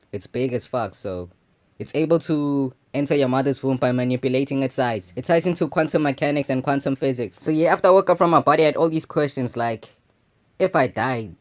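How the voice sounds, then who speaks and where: A young adult man telling a personal story in a loose, slangy way, filling his talk with casual asides. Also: mid-range voice. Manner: slangy and loose, full of "you know what I'm saying" fillers. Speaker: channel host.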